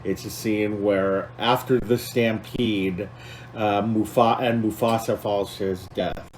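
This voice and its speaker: A man's voice: lowish voice, steady tone, slow pace, a little hiss or hum, low-quality recording. A man co-hosting a podcast, talking casually and with feeling, rambling with many fillers and restarts. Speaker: podcast co-host.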